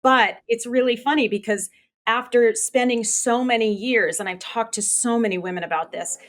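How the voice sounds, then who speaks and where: A woman's voice: fairly high pitch, moderate pace, fairly bright tone. A woman hosting a podcast interview, talking in a chatty, casual way with lots of filler words. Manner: chatty, uses many fillers like "like". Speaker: podcast host.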